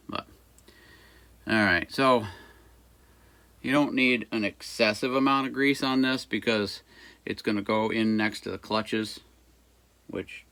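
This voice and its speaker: A folksy man chats his way through a repair job, rambling and cracking small jokes as he goes. His voice is on the low side but bright and forceful. He drifts around the bench near a camera mic. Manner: folksy, rambling, jokey asides. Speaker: small engine repair shop owner. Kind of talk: casual workshop how-to talk. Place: workshop by a busy road.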